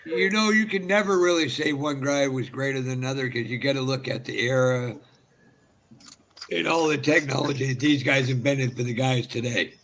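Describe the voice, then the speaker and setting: A man's voice: mid-range voice, normal speed, fairly bright tone. A man in casual, teasing chat on a live stream. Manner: joking, teasing.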